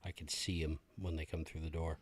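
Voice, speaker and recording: Low husky-voiced man telling stories. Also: flat delivery, fairly quick. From Maine. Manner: swears freely, storytelling, laughs at own stories. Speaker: podcast co-host. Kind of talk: casual chat.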